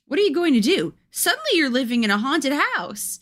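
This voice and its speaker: A playful young woman chats casually and reads a spooky storybook aloud on a stream. Her voice is lively and swoops up and down as she talks. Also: sits high, a little fast, few pauses. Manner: chatty, playful, breaks off to coo at her cats. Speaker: livestream host reading a book aloud.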